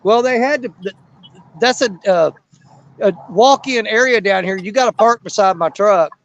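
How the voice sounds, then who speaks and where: A man's voice: sits high, normal speed, highs cut off. A man hosting a live fishing panel from a riverbank on his phone, chatting in a folksy, rambling way while still out of breath. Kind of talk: casual live-stream chat. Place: outdoors on a riverbank in the evening.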